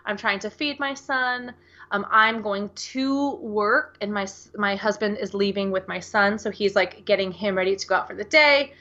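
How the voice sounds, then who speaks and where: A woman's voice: mid-range voice, normal speed, bright, forceful tone, highs cut off. An American woman co-hosting a podcast, chatting casually and rambling with lots of fillers. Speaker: podcast co-host. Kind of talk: casual chat.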